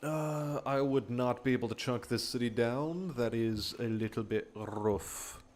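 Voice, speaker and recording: Chill guy streaming a strategy game, mid pitch, mumbly, casual swearing. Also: measured pace, darkish tone. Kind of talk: casual gameplay commentary.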